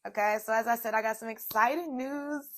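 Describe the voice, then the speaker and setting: A woman's voice: fairly high pitch, a little fast. A woman in her twenties hosting a solo podcast, telling a personal story in a chatty, casual way with many fillers. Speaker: podcast host.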